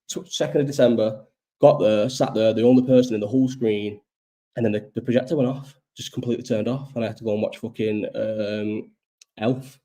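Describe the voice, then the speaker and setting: Young male host, a bit ill and coughing, low voice with a mellow tone, rambling casual live-chat delivery. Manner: rambling, chatty, swears casually.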